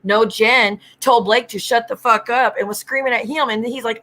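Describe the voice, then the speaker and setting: A woman's voice: a little high, fairly even intonation, normal speed, sharp tone. Woman livestream host, blunt, profane, ranting, chatty with viewers. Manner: blunt, profane, greets chat viewers by name. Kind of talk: casual livestream rant.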